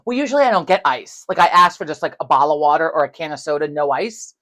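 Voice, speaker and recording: With a low voice and quick pace, a woman co-hosting a casual podcast tells a profanity-heavy story. She's animated, playing out the dialogue for both parties herself.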